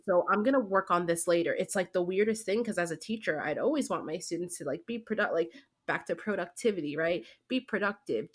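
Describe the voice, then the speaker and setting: Young woman teacher chatting on a call, kinda low voice, says like and right constantly. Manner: animated, heavy fillers like "like" and "right?". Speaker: guest, teacher. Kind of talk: casual conversation.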